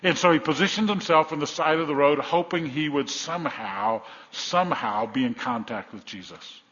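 At normal speed, a man with a slightly high, fairly bright voice tells a Bible story in his sermon, vividly imitating the crowd. The recording sounds dull and carries a long reverb from the hall.

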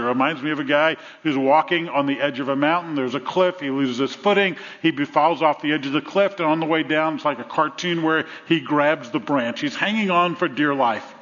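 A man's voice: a little high, brisk, a bit bright. A man preaching a sermon as pastor, earnest and fond of repeating phrases in threes. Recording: long reverb, dull lo-fi sound.

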